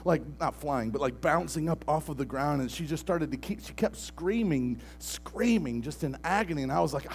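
A man preaching a sermon as pastor, moving between hushed, near-whispered lines and loud, shouted storytelling. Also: fairly high pitch, expressive, brisk, vocal fry, hardly any pauses, slightly rough, poor audio.

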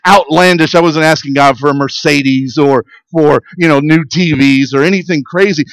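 A man's voice: on the high side, no echo, rough recording. A middle-aged pastor preaching in an earnest, conversational way, often restarting his sentences and building to emphatic peaks. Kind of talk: sermon.

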